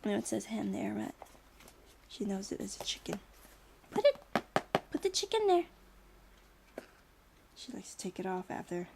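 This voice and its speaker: A woman's voice: medium pitch, very animated, normal speed, vocal fry, long pauses, background noise. A woman speaking to a small child as a parent, coaxing and praising in a sing-song way while going through a picture book.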